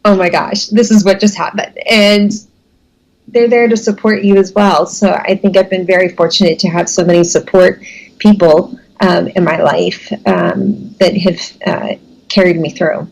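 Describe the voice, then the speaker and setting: A woman's voice: fairly low pitch, fairly even intonation, a little slow, vocal fry, poor audio. A woman in her thirties from the United States, telling her career story as an interview guest in a candid, self-deprecating way with frequent laughs.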